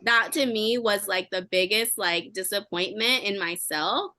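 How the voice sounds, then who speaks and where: A young woman sharing a candid, emotional story with her team in fast, chatty talk. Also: mid-range voice, bright, forceful tone, no room sound. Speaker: team member sharing advice. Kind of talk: candid motivational chat.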